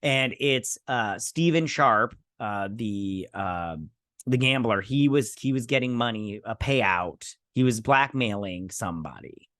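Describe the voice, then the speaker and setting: A man's voice: medium pitch, lively intonation, measured pace, a bit bright, no room sound, studio quality. A man hosting a casual show recap, sarcastic and rambling, often quoting characters in voices. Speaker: host.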